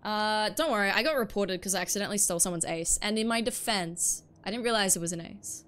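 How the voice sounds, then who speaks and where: A woman's voice: mid-range voice, quick pace, a bit bright. Chatty, foul-mouthed woman streamer. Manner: chatty, swears freely, reads and answers viewer chat. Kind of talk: casual chat while livestreaming a video game.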